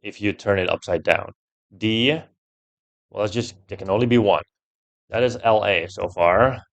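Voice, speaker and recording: The young gameplay streamer commentates a puzzle game at normal speed in a fairly low voice with vocal fry, reasoning it out step by step. Swearing comes easily to him, and he gets loud and irritated whenever a puzzle defeats him.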